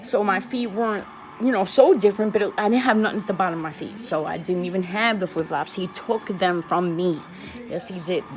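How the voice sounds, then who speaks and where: A woman's voice: lowish voice, a little fast, noisy background. A woman, speaking straight to her viewers in a casual, confessional storytelling vlog, emphatic and repeating herself for weight. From the Bronx, New York. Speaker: vlogger.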